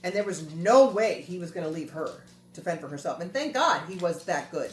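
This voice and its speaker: A woman's voice: lowish voice, lively intonation, a little fast. A woman host telling a family story in a casual chat, earnest and repeating phrases for emphasis. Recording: roomy echo with faint music.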